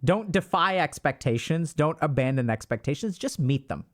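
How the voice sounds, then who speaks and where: A man in his thirties talks straight to his livestream chat, handing out blunt life advice. His voice sits a bit high for a man and leaps up and down with lots of lively movement, and he is emphatic and casually profane. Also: moderate pace. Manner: emphatic, animated, swears casually.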